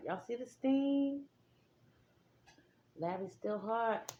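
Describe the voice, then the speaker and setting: Bubbly high-voiced woman eating on camera. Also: lively intonation, unhurried, muffled recording, a little hiss or hum. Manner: bubbly, gushing, sing-song exclamations, talks to viewers as y'all. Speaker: mukbang vlogger. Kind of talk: excited casual eating vlog.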